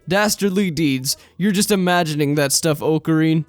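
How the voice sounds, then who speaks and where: A skeptical young hacker from a visual novel, deadpan and unimpressed, as a man reads his lines. The voice sits a bit higher than usual for a man. The recording is dry and close, with faint music behind. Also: moderate pace, no room sound, close to an everyday voice. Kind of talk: reading game dialogue aloud.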